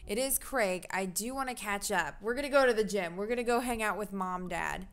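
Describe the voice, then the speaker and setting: A woman's voice: mid-range voice, a little fast. A woman streaming a game, chatting casually and giggling as she greets her chat and reads along. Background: faint game music.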